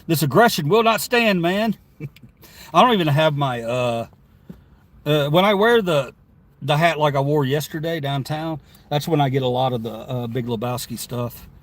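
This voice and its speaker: A man's voice: mid-range voice, normal speed. A man live streaming from inside his car, reading viewer chat aloud and answering it in a rambling, chatty way with frequent laughs.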